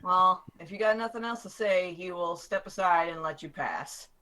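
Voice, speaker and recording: A man running a tabletop game as game master, narrating in a brisk, matter-of-fact way. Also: sits high, bright, forceful tone, low-quality recording.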